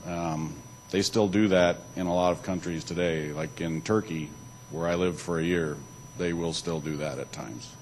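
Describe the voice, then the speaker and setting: A man's voice: low voice, steady tone, moderate pace, a little mellow, slight background noise, low-quality recording. A man giving a church talk, alternating between reading aloud and loose spoken asides, with occasional restarts. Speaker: church speaker.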